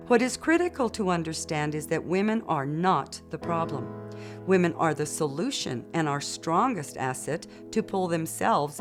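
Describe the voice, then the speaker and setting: A woman giving measured, persuasive scripted documentary narration. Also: deep voice. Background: guitar music.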